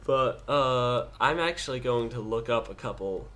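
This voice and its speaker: A man co-hosting a casual art podcast, talking in a hesitant, halting way with restarts and dry understatement. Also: medium pitch, fairly bright tone. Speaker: podcast co-host. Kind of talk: casual chat.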